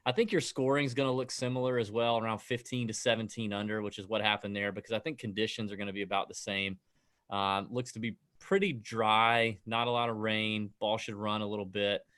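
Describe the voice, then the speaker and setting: A man's voice: lowish voice, little pitch movement, a little fast, fairly bright tone. A man in his thirties co-hosting a golf podcast, joking around and reading a sponsor spot loosely. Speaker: co-host. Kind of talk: casual golf podcast chat.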